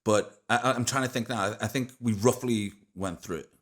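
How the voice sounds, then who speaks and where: A man's voice: on the low side, a little fast. A middle-aged man hosting a podcast, chatting casually with frequent swearing and stumbling restarts. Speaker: podcast host. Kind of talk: casual chat.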